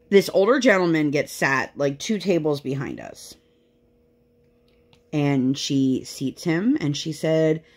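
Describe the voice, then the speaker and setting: Young woman, lowish voice, chatty, loose storytelling, casual craft vlog. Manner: chatty storytelling with many fillers. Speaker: crafting vlogger. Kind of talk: casual chat while crafting.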